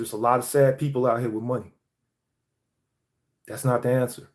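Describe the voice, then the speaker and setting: A man's voice: mid-range voice, moderate pace, long pauses. A young man from Atlanta, delivering a heated, profane motivational monologue.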